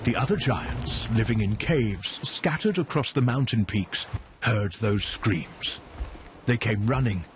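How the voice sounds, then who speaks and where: Slow, lively male storyteller. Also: fairly low pitch, noisy background. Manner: expressive, drawn-out, emphatic. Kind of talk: dramatic storytelling narration.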